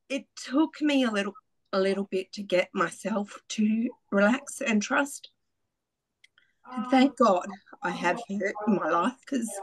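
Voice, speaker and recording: A woman's voice: mid-range voice, rough recording. A middle-aged woman giving a candid, self-mocking spoken testimonial as a retreat participant, laughing often and swearing freely.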